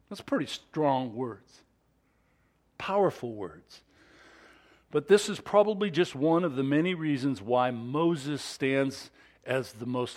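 A male pastor delivering a sermon, reading scripture aloud with dramatic emphasis and adding conversational asides. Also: medium pitch.

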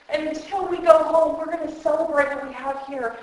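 A woman's voice: high-pitched, steady tone, a little fast, few pauses, a little mellow. Earnest woman preaching in an echoey hall. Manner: earnest, emotional, direct address to audience. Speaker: women's conference speaker. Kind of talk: sermon. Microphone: handheld microphone.

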